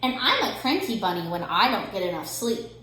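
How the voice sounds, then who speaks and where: A woman's voice: mid-range voice, big pitch swings, fairly quick, sharp tone, pitched below the performer's own voice. A woman voicing a cranky bunny in a storybook reading, grumbling and complaining. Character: grumbling bunny who loves winter. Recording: very echoey room.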